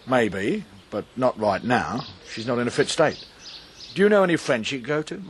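An actor playing a calm, shrewd country police inspector, measured and dry, in a radio drama. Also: male voice, mid-range voice, slight background noise, lightly acted.

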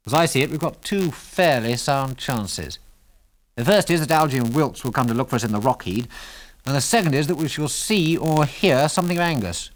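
A man playing calm commanding pilot Biggles. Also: mid-range voice, brisk, pitched above the performer's own voice, lightly acted. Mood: steady. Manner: clipped, matter-of-fact orders.

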